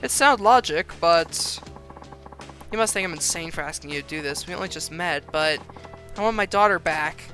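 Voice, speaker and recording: A man's voice: a little high, normal speed, pushed and bright, soft background music. A man voicing a worried middle-aged mother who pleads anxiously and earnestly to get her daughter back, reading game dialogue aloud. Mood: desperate.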